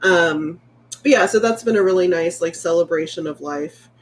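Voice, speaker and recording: A woman's voice: lowish voice, moderate pace, slight background noise. A woman, chatting candidly with viewers and reading their comments, rambling and heartfelt. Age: late 30s. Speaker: vlogger. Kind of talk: casual livestream chat reading viewer comments.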